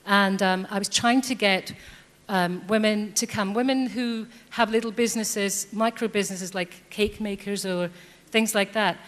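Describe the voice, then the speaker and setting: At a debate held in a big hall, an audience member in her fifties rises to speak, sincere yet halting and full of ums. Her medium-pitched voice is steady, measured and a bit bright, wrapped in long reverb.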